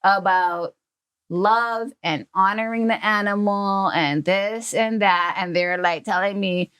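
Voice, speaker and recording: A woman at an ordinary middle pitch tells a childhood memory on a podcast. She talks loosely and conversationally, with plenty of fillers. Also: takes it slowly, smooth. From Hawaii. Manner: animated storyteller who acts out quoted family members. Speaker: podcast guest. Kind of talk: casual storytelling.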